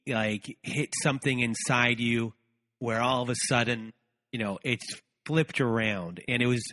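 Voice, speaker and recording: A man hosting a podcast speaks in a thoughtful, searching way, often restarting as he finds his words. His voice sits at a middle pitch. A long reverb trails after his voice. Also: unhurried, pushed and bright. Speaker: podcast host. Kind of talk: reflective conversation.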